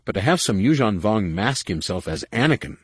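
A man reading a dramatic novel aloud in a measured storytelling manner. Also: fairly low pitch, very animated, slightly rough, dry recording. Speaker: audiobook narrator. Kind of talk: scripted narration.

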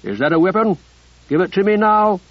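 A man voicing a steady young soldier in an audiobook, calling out firm commands with a raised voice. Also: high voice, fairly quick, no echo, highs cut off, voice pushed up. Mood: stern.

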